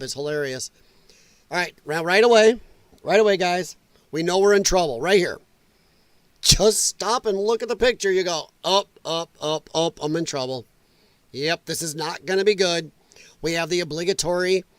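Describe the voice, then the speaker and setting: A man's voice: sits high, dry recording. A middle-aged man hosting a podcast, reacting to clips with mocking comments, exclamations and frequent laughs. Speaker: host.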